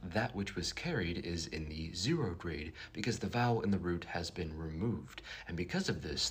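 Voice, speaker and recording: A man giving a scripted explainer narration in a measured, precise, lecturing way. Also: low-pitched, husky.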